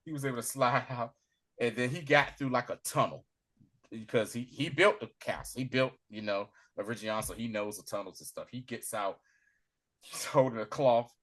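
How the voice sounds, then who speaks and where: A man co-hosting a casual recap chat, retelling scenes with lively slang and acting out the characters' lines. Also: medium pitch, moderate pace. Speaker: podcast co-host recapping a TV episode.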